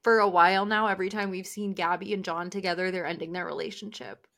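A woman with a bright, forceful voice talks through a TV episode in a loose, chatty way. She slips into the characters' lines as she retells them and laughs along the way. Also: lowish voice, steady tone, fast talker. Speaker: podcast co-host. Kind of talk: casual recap chat.

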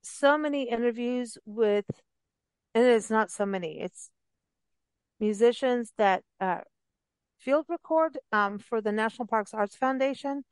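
A woman hosting a radio interview, talking in an enthusiastic, rambling, chatty way with quick laughs. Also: fairly high pitch, clean tone, no room sound. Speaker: radio show host. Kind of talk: casual interview chat. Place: travel and parks radio show.

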